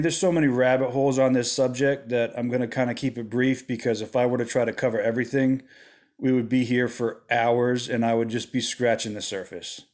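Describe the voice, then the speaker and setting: A man's voice: mid-range voice, a little mellow. Casting: tired man, slight lisp, rambling casual teaching, mid-range voice. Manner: rambling, restarts often, tags lines with "right?". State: tired, late at night. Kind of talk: casual spoken teaching on symbolism.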